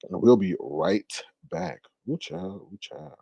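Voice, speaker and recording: A man's voice: lowish voice, wildly swooping pitch, takes it slowly, gravelly, dark tone, breathy edge, no echo, dull audio. A man hosting a casual livestream gossip show, chatting and laughing as he talks straight to his viewers. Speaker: YouTube commentary host.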